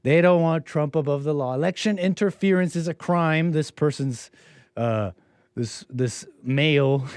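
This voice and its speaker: A man's voice: medium pitch, darkish tone, no echo. A man hosting a live stream, commenting on a video in a rambling, sarcastic way with frequent restarts.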